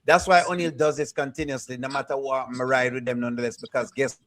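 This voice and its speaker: A man's voice: medium pitch, fast. A man with a lilt hosting a casual live stream, thanking viewers and calling on guests. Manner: lively, shifts into patois phrasing.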